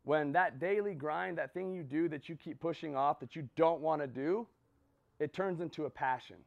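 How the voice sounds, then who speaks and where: Man, motivational speaker, fairly high voice, gravelly, storytelling, checks in with listeners, lo-fi recording. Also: normal speed. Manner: storytelling with frequent "right?" and "okay?" check-ins. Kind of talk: motivational talk to a live group.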